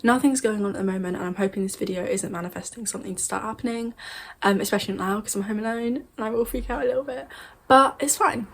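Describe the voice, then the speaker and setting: Chatty young woman, husky voice. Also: mid-range voice, quick pace. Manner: chatty, rambling, self-correcting. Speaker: vlogger. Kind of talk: casual storytime. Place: bedroom at home.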